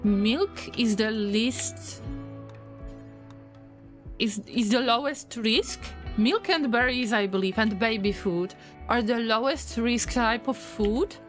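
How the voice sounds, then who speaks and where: A woman streamer giving gameplay commentary, fretting out loud and talking straight to her colonists as if they could hear her. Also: on the high side, slow, faint music behind. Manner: frets aloud and talks to her colonists. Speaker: game streamer.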